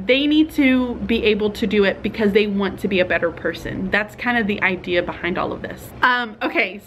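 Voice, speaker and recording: A young woman teacher, chatting casually to other teachers in a vlog and thinking out loud with fillers and small laughs. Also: a little high, expressive, moderate pace, a little hiss or hum.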